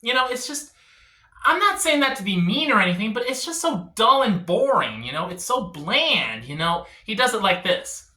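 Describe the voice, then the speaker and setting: A male stand-up comedian on a live stage with a very bright, cutting voice that swings widely in pitch. He tells his bits in an animated way and dips into other voices. The sound rings in an echoey room. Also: normal speed. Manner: jumps between voices, animated storytelling.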